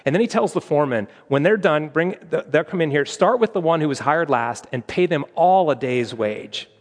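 A man's voice: fairly high pitch, expressive, moderate pace, in a large hall. A man preaching an earnest sermon, acting out the voices in the stories he tells. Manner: earnest, acts out quoted voices. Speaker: pastor.

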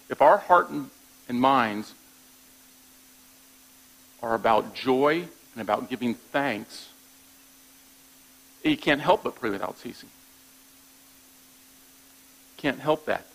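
A pastor preaches a sermon conversationally, his mid-range voice animated, gravelly and a bit bright, at a measured pace with frequent pauses. He keeps checking in with "all right?" and repeats words as he restarts his thoughts, on a low-quality recording.

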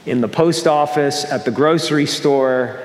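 A man's voice: fairly high pitch, unhurried. A man from the American Northeast preaching a sermon as pastor, earnest, often restarting his phrases. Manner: earnest, with repeated restarts and shifting pace. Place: church sanctuary. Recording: echoey hall with long reverb.

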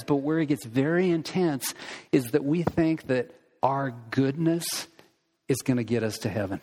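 A middle-aged male pastor preaches to his congregation, shifting easily into animated storytelling. His voice sits at an ordinary middle pitch. It carries the long reverb of a large sanctuary. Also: normal speed. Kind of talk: sermon with storytelling. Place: church sanctuary.

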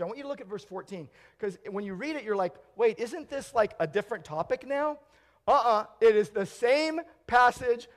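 High-voiced man preaching earnestly. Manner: earnest preaching, swings between emphatic and hushed. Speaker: pastor. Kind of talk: sermon.

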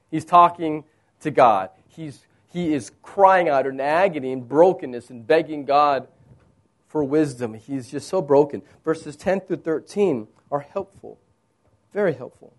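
Guy preaching a sermon, kinda high voice, gets dramatic acting out quotes. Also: a little slow. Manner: expressive preaching, acts out quoted lines with rising pitch. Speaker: pastor.

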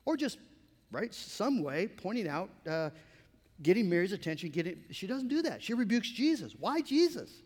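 A man preaching a sermon as a pastor, in a conversational, animated way with asides to the congregation. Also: high-pitched, normal speed, long reverb tail.

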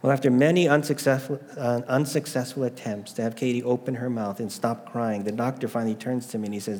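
A man's voice: mid-range voice, steady tone, fast talker, few pauses, a little mellow, in a large hall. A middle-aged man preaching a sermon, telling a family story with rhetorical questions. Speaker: pastor.

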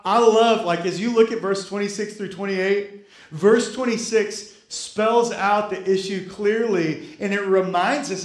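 A man's voice: sits high, roomy sound. A male pastor preaching a sermon, repeating key phrases and calling on the congregation to respond. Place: church sanctuary.

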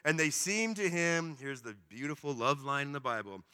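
Male preacher, casual and animated, slangy asides; bright tone, long reverb. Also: a little high, slow, clean tone. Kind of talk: sermon.

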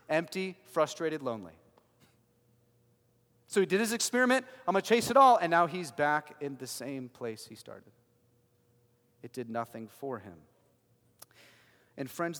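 Emphatic preacher in a big echoing hall. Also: male voice, medium pitch. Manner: emphatic, swings from loud to hushed. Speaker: pastor. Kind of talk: sermon.

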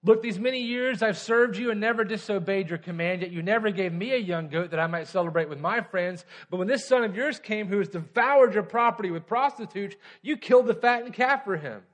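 A man's voice: high-pitched, a little fast, hardly any pauses, fairly bright tone. A man voicing a bitter, resentful older brother who complains indignantly as a sermon reads out a story.

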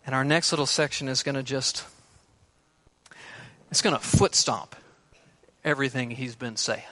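A man preaching an expository sermon, emphatic and shifting between loud stresses and hushed words. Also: medium pitch, normal speed, pauses often.

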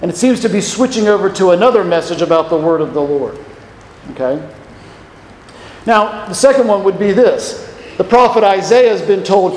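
A man preaching a sermon, lively and acting out the voices in the passage he reads. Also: high voice, normal speed. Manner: animated, acts out the voices of the passage. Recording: echoey hall with long reverb.

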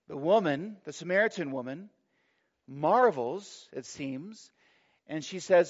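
A man preaching a sermon with emphasis, slowing down and stressing words as he reads and explains scripture. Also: fairly high pitch, lively intonation. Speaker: pastor. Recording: dull lo-fi sermon recording.

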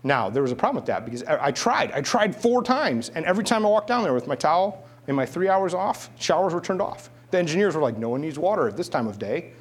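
A middle-aged man preaching a sermon, mixing a humorous personal story with quiet, emphatic repetition. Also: high-pitched, sing-song, fast, few pauses.

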